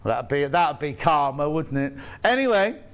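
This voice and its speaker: With a fairly high, very animated voice at normal speed, this male presenter works a live TV shopping broadcast in the studio. His sales pitch wanders into chatty tangents and playful jokes.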